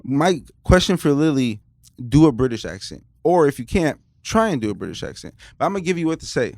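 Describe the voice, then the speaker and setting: A man's voice: fairly high pitch, big pitch swings, darkish tone, no room sound, studio quality. A man hosting a casual podcast, joking around and swearing freely. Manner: joking, swearing, quick asides. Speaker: podcast host.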